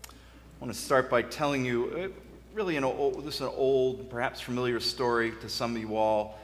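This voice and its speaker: A man's voice: medium pitch, fairly even intonation, normal speed. A male interim pastor preaching a sermon in a church sanctuary, telling stories in a conversational way with frequent restarts. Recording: long church reverb.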